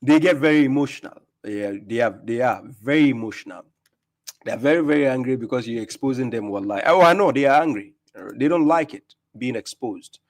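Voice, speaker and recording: A man with a Ghanaian accent hosts a live call-in debate stream. His talk is mocking and taunting, and he laughs a lot. His pitch sits in the middle for a man. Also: a little fast. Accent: Ghanaian English.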